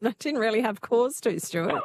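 A woman hosting a talkback radio quiz, chatty and quick to laugh. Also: a little high, expressive, a little mellow.

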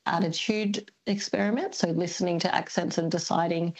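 A woman's voice: fairly low pitch, steady tone, normal speed, slightly rough. A woman guest on a radio show, thoughtfully explaining accents and language change with frequent ums. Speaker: linguistics expert guest. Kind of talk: radio interview.

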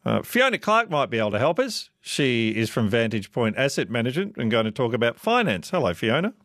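A man hosting live radio, relaxed and joking as he muses aloud. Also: mid-range voice, a little fast, no echo, clean studio sound. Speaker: radio host.

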